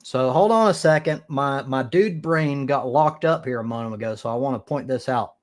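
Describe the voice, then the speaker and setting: An American man hosting a live stream, swearing freely and rambling through restarts. His voice sits at an everyday middle pitch. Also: normal speed. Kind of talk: casual crude chat.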